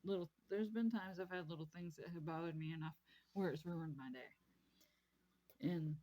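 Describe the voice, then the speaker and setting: A woman's voice: on the low side, unhurried, warm tone. Easygoing rambling woman chatting. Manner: rambling, repeats herself, easygoing. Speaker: craft vlogger. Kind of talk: casual chat while crafting.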